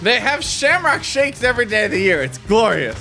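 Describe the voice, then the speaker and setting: A man's voice: high voice, big pitch swings, fairly quick, creaky, pushed and bright, faint music behind. A man hosting a let's play, teasing his co-player and joking with frequent laughter. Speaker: gaming channel host. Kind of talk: casual let's play banter.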